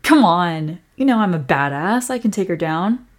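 A young woman in a whispered role-play as a comforting girlfriend, speaking softly and protectively. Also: on the low side, animated, normal speed. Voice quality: breathy.

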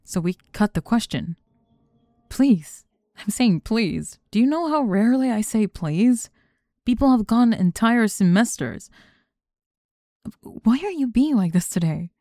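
A young woman acting a sharp-tongued, controlling student in a one-sided role-play monologue, sarcastic and exacting as she bosses her unheard partner. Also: fairly high pitch, lively intonation, measured pace, no echo, studio quality. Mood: indignant. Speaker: student in a group project.

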